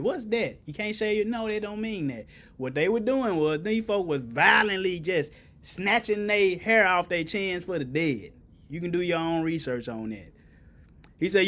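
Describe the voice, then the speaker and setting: A man's voice: sits high, lively intonation, normal speed, fairly bright tone. A man preaching a sermon in folksy vernacular, asking the congregation for answers and building to emphatic peaks.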